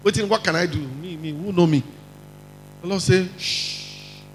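A man with a Nigerian accent preaching a lively sermon, acting out quotes and mixing in pidgin. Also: sits high, brisk, in a large hall, a little hiss or hum, low-quality recording. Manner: animated, mixes in pidgin, acts out quotes.

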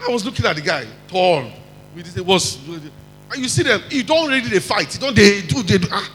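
A man with a Nigerian accent preaching a lively sermon, acting out quotes and mixing in pidgin. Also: sits high, brisk, long reverb tail, soft background music, low-quality recording. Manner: animated, mixes in pidgin, acts out quotes.

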